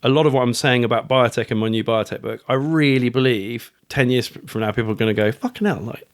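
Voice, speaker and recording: Speaking fast and smoothly with fairly even intonation and medium pitch, this middle-aged man from the UK is a podcast guest, an author and fund manager. The interview is casual, and he chats freely, curses, and keeps restarting sentences.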